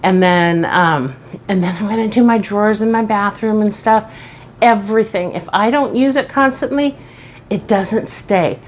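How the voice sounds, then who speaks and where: A woman's voice: mid-range voice, normal speed, a little hiss or hum. Chatty upbeat woman in her sixties. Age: 60s. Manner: chatty and upbeat, exclaiming as she shows things. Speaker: vlogger. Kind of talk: casual show-and-tell vlog. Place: at home, in a walk-in closet.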